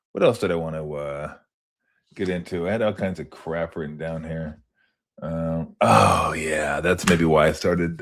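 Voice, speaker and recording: A fairly low-voiced man hosting a casual sports talk show. He rambles and swears freely, drifting off on tangents. He jumps into loud, lively bursts. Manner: rambling and profane, wanders off on tangents. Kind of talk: casual chat.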